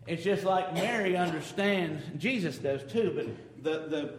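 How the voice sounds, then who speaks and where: A man preaching a sermon as pastor, swinging between loud emphasis and quiet asides. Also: fairly high pitch, moderate pace, hardly any pauses. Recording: echoey hall reverb.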